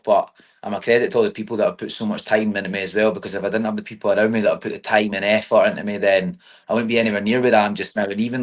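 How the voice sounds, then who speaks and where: Young Scottish fighter, low-pitched and fast, casual and chatty. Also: male voice. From Scotland. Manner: chatty, says mate and you know what I mean often. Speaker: MMA fighter. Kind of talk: casual interview.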